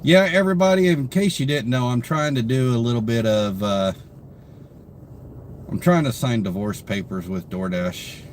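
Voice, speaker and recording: A man's voice: medium pitch, moderate pace, a little hiss or hum. Tired man chatting on his live stream. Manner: chatty, greets viewers by name, rambling with fillers. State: tired, yawning. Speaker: livestream host. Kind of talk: casual live-stream chat reading comments.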